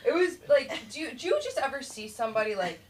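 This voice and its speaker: Woman, stand-up comic, rambling, animated, voices for kids, heard from across the room, faint hiss. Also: high voice, fast. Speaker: stand-up comic at an open mic. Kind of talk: stand-up comedy set. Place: small comedy club stage. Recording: distant room mic with faint noise.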